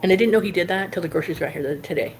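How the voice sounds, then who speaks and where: A woman's voice: lowish voice, very fast, slight background noise. A woman livestream host casually telling a rambling story, full of "like" fillers. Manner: animated anecdote telling.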